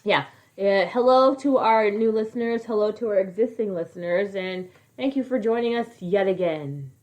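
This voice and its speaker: A woman's voice: medium pitch, moderate pace, darkish tone, lo-fi sound. Woman in her thirties, podcast co-host, loose casual chat, swears a lot, laughs often. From California. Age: 30s.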